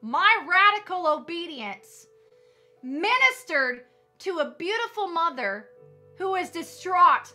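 A woman preacher with a high, bright voice tells her testimony at an unhurried pace. Her delivery is fervent and emphatic, stretching out key phrases for effect. Soft music plays faintly behind her. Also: sing-song. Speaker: ministry leader. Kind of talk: testimony sermon.

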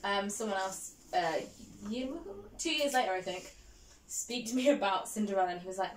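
A woman's voice: mid-range voice, normal speed, echoey room, a little hiss or hum. A woman from the Black Country with a Black Country accent, a podcast guest in casual chat, bubbly and laughing often as she tells stories with feeling. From Black Country, England.

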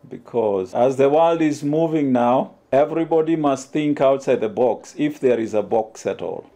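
A man, speaking as a university official in an earnest, promotional, measured way during an interview. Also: on the high side, mellow. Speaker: university innovation centre official. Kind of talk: on-camera interview remarks.

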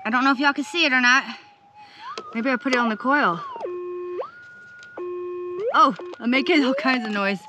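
A woman's voice: high-pitched, normal speed, pauses often, noisy background. A woman, chatting to viewers while prospecting outdoors in the desert, with the camera set down nearby. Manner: chatty, addresses viewers as y'all, squeals with excitement. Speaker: gold prospecting vlogger. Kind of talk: casual vlog narration.

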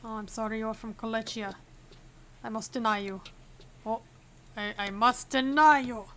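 A woman's voice: on the high side, flat delivery, normal speed, a bit bright, a little hiss or hum, natural voice. A woman voicing a formal, stiffly polite border inspector in broken English with a mock Eastern European accent. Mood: apologetic. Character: stern but apologetic border inspector, adult.

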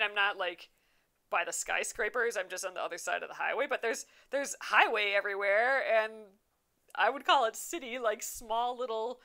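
A woman's voice: mid-range voice, bright, forceful tone. A young adult woman hosting a casual craft livestream, chatting and reading viewer comments aloud with frequent laughs. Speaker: embroidery livestream host.

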